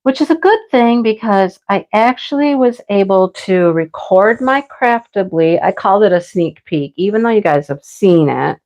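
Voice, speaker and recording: A chatty woman hosts a relaxed craft livestream. She rambles warmly from topic to topic, laughs often, and greets her viewers by name in a mid-range voice. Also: mid-range voice, normal speed, few pauses, highs cut off. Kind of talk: casual live chat with viewers.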